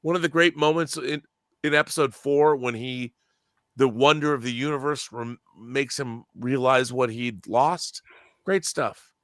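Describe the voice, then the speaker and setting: A man's voice: medium pitch, fairly even intonation, a little slow, fairly bright tone, dry recording, clean studio sound. A man in casual podcast chat, emphatic and opinionated, swearing freely and restarting his sentences as he rants. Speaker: podcast co-host.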